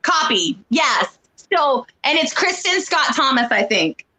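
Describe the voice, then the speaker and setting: A woman co-hosting a casual show chat, talking in a chatty, animated way and acting out quoted lines when she retells a story. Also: sits high, a little slow, rough recording. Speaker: co-host.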